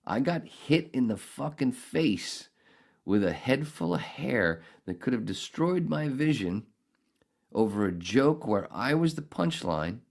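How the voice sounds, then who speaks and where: A man's voice: mid-range voice, sing-song, a little slow, gravelly. A man hosting a solo podcast, ranting angrily and sarcastically with heavy profanity. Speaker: podcast host.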